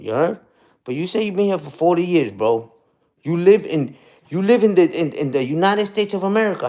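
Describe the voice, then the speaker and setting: Taunting man ranting on a live stream. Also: high voice. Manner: taunting, repetitive, peppers lines with "you heard?". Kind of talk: casual live-stream rant.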